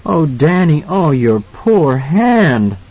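A man voicing a frightened young mother with a husky, anxious and pleading manner, at times near-hysterical. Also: mid-range voice, big pitch swings, slow pace, a little mellow, no echo, lo-fi sound, pitched above the performer's own voice, heavily acted. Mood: worried, tender.

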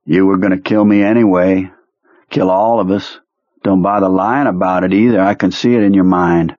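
A man voicing a sullen, bitter male soldier with a flat, blunt delivery. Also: low voice, moderate pace, no echo, lo-fi sound, lightly acted.

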